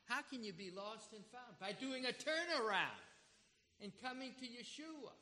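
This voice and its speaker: A man's voice: very high voice, moderate pace, sharp tone. A man giving an earnest, dramatic sermon and acting out the scripture he quotes. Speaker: preacher. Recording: reverberant hall.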